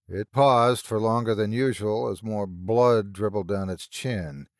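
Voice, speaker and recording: A man's voice: on the low side, lively intonation, unhurried, hardly any pauses, no room sound, studio quality. A man narrating a scripted horror story in a tense, dramatic storytelling manner.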